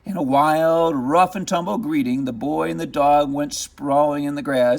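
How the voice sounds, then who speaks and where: A man reading a children's picture book aloud as narrator, with expressive, dramatic storytelling. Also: on the high side, unhurried, creaky.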